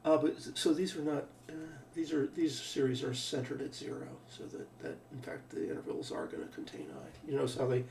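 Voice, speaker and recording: Gravelly-voiced man lecturing in a roomy space. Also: fairly high pitch, steady tone, a little fast, few pauses, a little mellow. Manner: thinking aloud, restarts, asks rhetorical questions. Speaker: math teacher. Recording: roomy sound from a distant mic, faint background hum.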